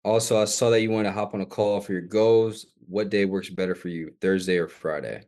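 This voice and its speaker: A man's voice: lowish voice, steady tone, brisk, darkish tone. A man, a fitness coach, casually reading his text messages aloud on a coaching call.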